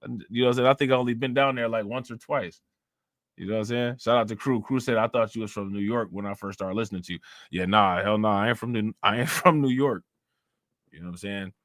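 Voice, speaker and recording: A man's voice: on the low side, fast talker, fairly bright tone, no echo, studio quality. A man from Northeast Ohio with a Northeast Ohio accent, hosting a casual livestream and rambling in loose, profane slang while answering viewers. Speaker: livestream host.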